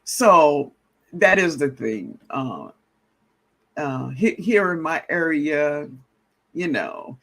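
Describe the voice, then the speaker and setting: A man hosting a casual gardening livestream, greeting viewers warmly and reading out their comments with a relaxed drawl. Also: fairly high pitch, very slow, creaky, pauses often. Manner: drawling, greets viewers as baby, laughs often. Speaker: livestream host. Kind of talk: casual live-stream chat reading comments.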